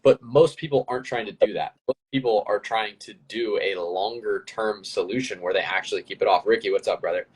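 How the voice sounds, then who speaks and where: Husky-voiced man explaining fitness. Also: fairly low pitch, fairly quick, hardly any pauses, low-quality recording. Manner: explanatory, peppered with "right?". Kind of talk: casual explanatory talk.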